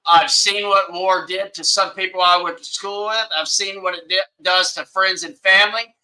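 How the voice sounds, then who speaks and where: Brief: Southern male streamer, rambling, heated takes, apologetic asides, piercing bright tone, pitched a bit high. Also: fairly even intonation, normal speed, low-quality recording. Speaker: livestream host. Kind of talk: casual live-stream commentary. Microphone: webcam setup.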